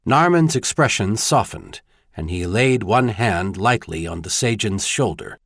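Low-voiced man narrating an audiobook. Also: animated, unhurried, vocal fry, fairly bright tone, husky, no room sound, studio quality. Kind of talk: scripted narration.

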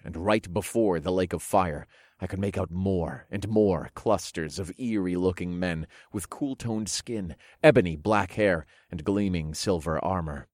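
A man narrating a first-person fantasy story in a steady, low-key manner. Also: dry recording, studio quality.

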